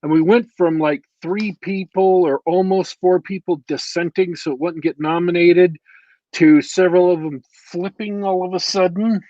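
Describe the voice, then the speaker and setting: Easygoing man with a slightly high voice. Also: steady tone, moderate pace, dark tone, no echo, highs cut off. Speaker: podcast co-host. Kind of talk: casual chat.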